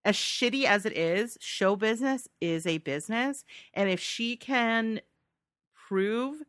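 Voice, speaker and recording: A woman's voice: a little high, takes it slowly, fairly bright tone, no echo, studio quality. A woman co-hosting a podcast in casual chat, rambling and laughing often as she talks. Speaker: podcast co-host.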